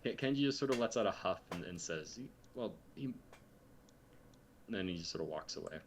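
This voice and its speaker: A man narrating a tabletop game as game master, pausing often with ums and uhs. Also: low voice, expressive. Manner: hesitant, many ums and uhs.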